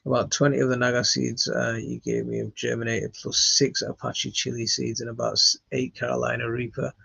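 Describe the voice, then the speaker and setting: Host: man, gravelly, husky, casual live Q&A, hesitant delivery, dull dry recording. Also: medium pitch, flat delivery, pushed and bright, dry recording. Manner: halting, reading out comments with many fillers. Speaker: channel host answering viewer questions.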